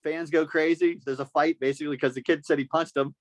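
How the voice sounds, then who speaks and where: A man's voice: a little high, quick pace, no echo. Man telling a story. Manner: animated storyteller acting out quoted voices. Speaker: podcast host. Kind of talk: casual podcast chat.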